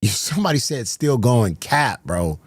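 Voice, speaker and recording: A man streaming live, chatting casually to his viewers, excitable and swearing often, repeating himself. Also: mid-range voice, moderate pace, husky, dry recording, studio quality.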